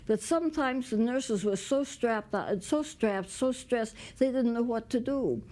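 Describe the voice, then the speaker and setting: A woman delivers a sermon in a mellow, soft-toned voice. She speaks plainly and gently, often pausing, adding fillers and restarting her phrases as she goes. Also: a little high. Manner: halting, with many restarts and fillers. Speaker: preacher.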